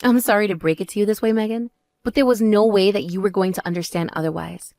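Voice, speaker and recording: A woman voicing a composed older sister who speaks in a calm, measured and cutting way. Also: no room sound, studio quality, natural voice. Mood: cool. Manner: measured, calm, lower and drier.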